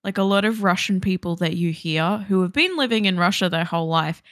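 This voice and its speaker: A woman's voice: on the low side, fairly quick, fairly bright tone, dry recording, clean studio sound. A woman co-hosting a gaming podcast in casual, rambling chat, laughing often. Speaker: podcast co-host.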